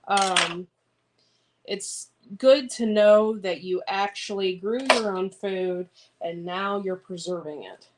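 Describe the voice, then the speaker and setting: While chopping vegetables in her kitchen, the homesteading vlogger keeps up relaxed, rambling livestream chat and responds to viewers' comments. She speaks at a normal middle pitch, with clear background noise and clicking audible throughout.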